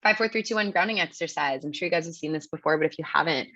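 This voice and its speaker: A low-pitched woman gives a relaxed, upbeat webinar talk, checking in with her listeners often and tossing in plenty of "like". Her voice is close and dry, carried over a dull, lo-fi video-call line. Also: racing, no echo. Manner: chatty, upbeat, peppered with "like" and "right?". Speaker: webinar presenter. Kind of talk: casual teaching talk.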